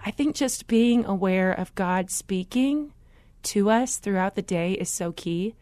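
A woman's voice: medium pitch, dry recording, clean studio sound. Earnest woman telling a faith story. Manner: earnest, animated storytelling with quick asides. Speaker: guest. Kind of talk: faith interview conversation.

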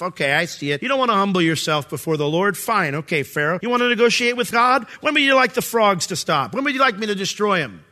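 A male pastor delivers a conversational sermon, reading scripture aloud and posing rhetorical questions to his listeners. His voice sits slightly high and sounds bright and forceful.

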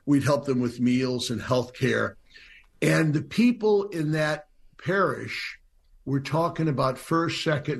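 A man, a churchman heard in an archive clip, recounting a story about his parish in an unhurried way. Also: mid-range voice, creaky, slightly rough. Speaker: clergyman in archive interview. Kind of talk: recounted anecdote.

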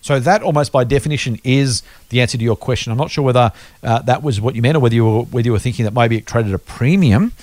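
Male podcast co-host, quick delivery, dry close mic, patient explainer. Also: mid-range voice, darkish tone, no echo. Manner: explains patiently with worked examples. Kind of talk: casual investing podcast chat.

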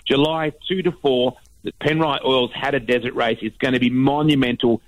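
A man's voice: medium pitch, steady tone, moderate pace, no room sound, muffled recording. A man with an Australian accent, reporting motorsport news on a radio show with enthusiastic, promotional chat.

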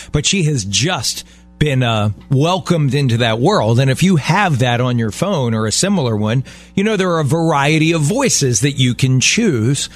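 A middle-aged man co-hosting a radio show, chatting in an animated, joking way. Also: medium pitch. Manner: animated, joking, mock-jealous. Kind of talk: casual radio banter.

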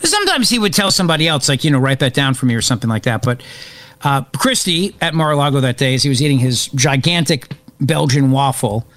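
A man's voice: medium pitch, lively intonation, fast talker, a bit bright, dry recording. A middle-aged man hosting a talk radio show, speaking off the cuff in a rambling way with restarts and asides, on a studio microphone. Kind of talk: unscripted political talk radio monologue.

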